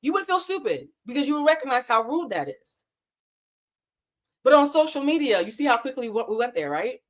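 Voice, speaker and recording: A woman in her thirties hosting a casual livestream from a hotel room. She talks in a candid, animated way and swears freely. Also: high voice, fairly quick. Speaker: livestream host.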